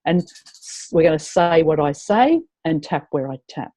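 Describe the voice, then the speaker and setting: A woman's voice: low-pitched, animated, unhurried, warm tone. A woman leading a live tapping webinar, chatty and encouraging as she guides her attendees.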